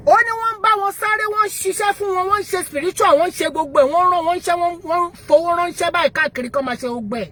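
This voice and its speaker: High-voiced Nigerian woman, live-stream speaker, emphatic, rhetorical, code-switching. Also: racing, hardly any pauses, fairly bright tone, a little hiss or hum. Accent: Nigerian, Yoruba. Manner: switching between English and Yoruba, emphatic, rhetorical questions. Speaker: online motivational speaker. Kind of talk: live-stream commentary to viewers.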